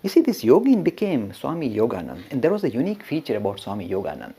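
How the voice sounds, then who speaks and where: A man who teaches religion, telling a story as a lecture with animated asides and frequent chuckles. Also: medium pitch, fast, slightly rough. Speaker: religious educator.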